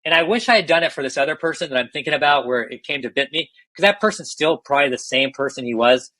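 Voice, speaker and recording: A man's voice: fairly high pitch, lively intonation, quick pace, bright, forceful tone, poor audio. A middle-aged man, a healthcare executive, candidly telling stories in a podcast interview and often restarting his phrases.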